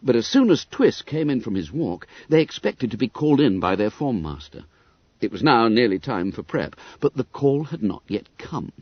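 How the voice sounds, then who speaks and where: Expressive male audiobook narrator. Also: mid-range voice, moderate pace, dry recording. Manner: expressive, lively storytelling. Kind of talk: scripted narration. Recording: dull, dry audiobook recording.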